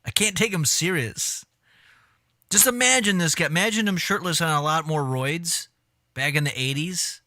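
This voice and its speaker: A man's voice: fairly high pitch, moderate pace, sharp tone, no room sound, studio quality. A man streaming a casual reaction commentary, talking bluntly with frequent swearing and mocking asides.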